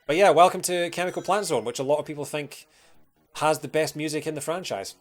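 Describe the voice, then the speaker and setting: A man's voice: on the high side, brisk, soft background music. A young man with a Scottish accent, chatting casually and rambling with plenty of fillers while he streams a game. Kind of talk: casual livestream chat while playing.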